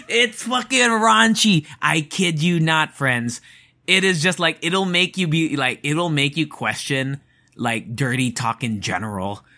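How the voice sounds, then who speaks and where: A man in a casual monologue who talks in a rambling, animated way, often restarting his sentences and sounding incredulous. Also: fairly high pitch, measured pace.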